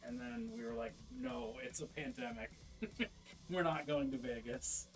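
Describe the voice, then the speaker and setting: A man's voice: mid-range voice, big pitch swings, a little slow, vocal fry, faint music behind. A man chatting casually on a live stream while painting miniatures, rambling, interrupting himself and swearing freely.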